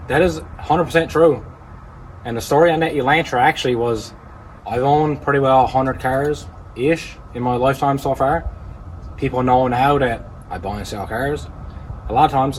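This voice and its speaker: A plain-spoken man with a Newfoundland accent, chatting easily about his car projects in a vlog. His dry humour comes through in a voice of ordinary pitch, with faint ambient and vehicle noise behind him. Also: darkish tone, poor audio. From Newfoundland, Canada. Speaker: car-flipping YouTuber. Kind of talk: casual vlog talk.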